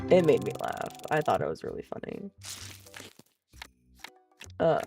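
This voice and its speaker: A woman tells a story in casual, chatty vlog style, swearing freely and laughing along the way. Her voice has a gravelly fry to it. Faint music sits in the background. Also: very deep voice. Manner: chatty, profane, laughs often. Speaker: vlogger.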